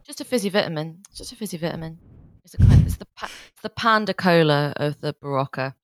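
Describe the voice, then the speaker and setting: Woman, low pitch, halting, soft-trailing podcast co-host, dry mic. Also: animated, dry recording. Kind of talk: casual chat.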